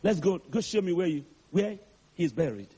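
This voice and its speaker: A tender, soothing Jesus speaks low and without hurry, voiced by a preacher in his sermon. The tone is kind and calm, with a husky edge. It rises and falls in a lively way. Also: exaggerated voice. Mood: gentle. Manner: soft, low and unhurried.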